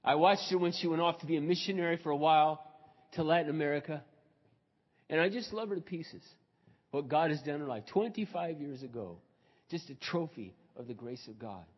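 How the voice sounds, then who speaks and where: A male pastor preaching a sermon, moving from quiet storytelling to loud, fervent preaching. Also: a little high, fairly quick. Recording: dull recording in a reverberant hall.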